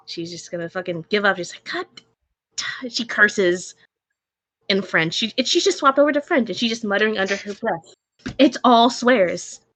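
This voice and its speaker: A woman's voice: mid-range voice, animated, normal speed, a bit bright, no room sound. A woman playing a tabletop role-playing game, swearing often and laughing as she describes her character. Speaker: player. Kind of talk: tabletop role-play banter.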